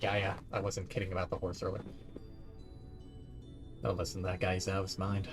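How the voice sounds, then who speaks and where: A man's voice: low voice, completely flat delivery, brisk, over music. A man streaming a video game, chatting casually and swearing freely as he rambles. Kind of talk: casual let's-play commentary.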